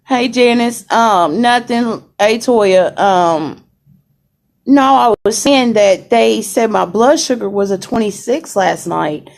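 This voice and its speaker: Slow, gravelly young woman vlogger. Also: a little high. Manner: chatty, laughing, says y'all, greets commenters. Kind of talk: casual chat to viewers. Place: hospital room. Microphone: phone camera.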